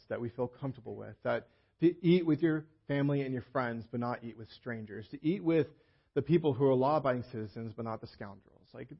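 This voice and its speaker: A man preaching in an easy, conversational way, often acting out what people in the story might say. His voice is slightly husky and sits at a middle pitch. The recording is muffled and lo-fi. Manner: conversational, acts out quoted voices. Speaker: pastor. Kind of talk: sermon. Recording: muffled lo-fi sermon audio.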